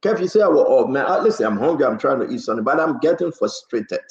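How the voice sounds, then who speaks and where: A man's voice: mid-range voice, animated, fast, vocal fry. A man hosting a heated political talk show, pressing and interrupting his guests. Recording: echoey, dull lo-fi sound.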